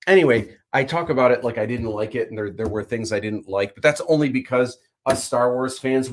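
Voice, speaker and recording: Chatty man rambling about a show. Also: medium pitch. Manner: rambling, animated opinions with many fillers. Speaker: livestream host. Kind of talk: casual chat.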